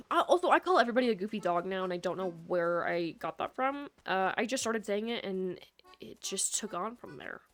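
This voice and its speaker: A woman's voice: mid-range voice, animated, brisk. A young woman from the American Midwest with a Midwestern accent, chatting casually and rambling while she streams a game, her sentences full of "like". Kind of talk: casual gameplay chat. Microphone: USB microphone. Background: soft lofi music.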